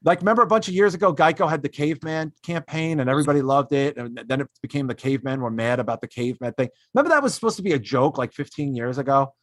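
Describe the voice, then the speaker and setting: A man's voice: on the high side, lively intonation, fast talker, hardly any pauses, no room sound, studio quality. Exasperated ranting podcast host, a man. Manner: exasperated, ranting, lots of fillers and restarts; switches to mocking put-on voices when quoting others. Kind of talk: casual comedic podcast rant.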